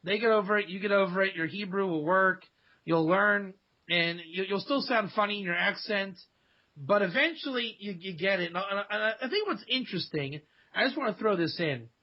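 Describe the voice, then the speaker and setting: High-voiced husky man, radio guest. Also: brisk. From Dayton, Ohio, USA. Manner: animated storytelling with quoted voices and laughs. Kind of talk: casual radio interview. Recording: dull lo-fi radio sound.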